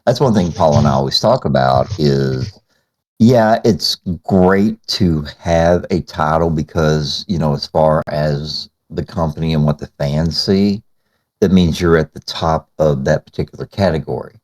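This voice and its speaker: A man's voice: a bass voice, a little slow, a little mellow. A man co-hosting a podcast interview, rambling and emphatic, full of fillers. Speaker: podcast co-host.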